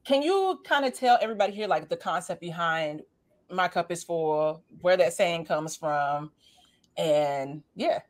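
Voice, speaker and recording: A woman's voice: lowish voice, lively intonation, unhurried. Playful woman host chatting. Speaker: talk show host. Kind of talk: casual interview chat.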